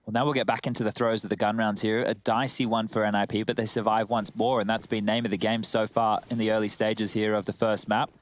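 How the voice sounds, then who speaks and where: Low-voiced male esports color commentator. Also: flat delivery, slight background noise. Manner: measured, analytical, dry humor.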